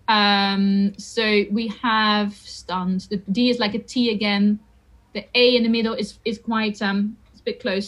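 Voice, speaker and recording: A woman teaching the pronunciation of song lyrics in a chatty, informal way, sounding out each word slowly. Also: medium pitch, steady tone, rough recording. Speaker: singing and Dutch diction teacher. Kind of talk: lesson, talking through song pronunciation.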